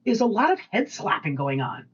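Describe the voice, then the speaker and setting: A woman co-hosting a casual podcast, telling animated work stories, acting out voices and swearing freely. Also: mid-range voice, moderate pace, breathy edge, muffled recording. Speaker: podcast co-host. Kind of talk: casual storytelling chat.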